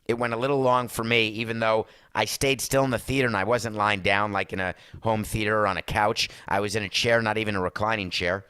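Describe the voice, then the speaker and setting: A man's voice: on the low side, fairly even intonation, fairly quick, few pauses, sharp tone, smooth, no room sound, clean studio sound. A man hosting his podcast, giving sarcastic, rambling opinions with asides to his producer. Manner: mock Italian accent in one brief bit. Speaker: podcast host. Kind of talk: opinionated sports and culture talk.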